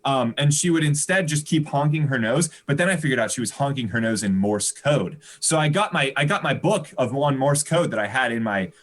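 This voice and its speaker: A man improvising a rambling comedy story on a live stream, animated and laughing at his own jokes. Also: medium pitch, fairly quick, few pauses.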